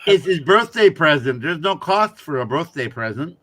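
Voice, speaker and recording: An easygoing man from Wisconsin chats and jokes casually. His voice is bright and fairly high. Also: lively intonation, moderate pace, dry recording. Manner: easygoing, joking. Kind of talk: casual chat.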